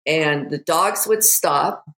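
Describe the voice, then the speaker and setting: Low, gravelly-voiced woman. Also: slow pace, fairly bright tone, poor audio. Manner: chiming in, finishing his stories. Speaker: guest falconer. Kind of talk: podcast conversation.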